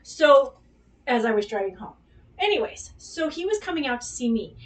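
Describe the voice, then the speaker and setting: A woman, a dog groomer, telling a personal story in a casual, animated, exclamatory way and swearing freely. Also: high voice, normal speed, recorded from a distance.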